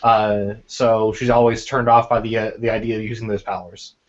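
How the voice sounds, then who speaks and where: A man's voice: fairly low pitch, flat delivery, moderate pace. A man chatting casually on a podcast about a tabletop game, often stammering and repeating words. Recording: dull lo-fi sound.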